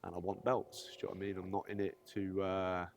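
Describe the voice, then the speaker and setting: A man's voice: deep voice, completely flat delivery, fast, vocal fry, slight background noise. A young man, a fighter guesting on a podcast, talking casually and often asking "do you know what I mean". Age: young adult. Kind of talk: casual interview chat.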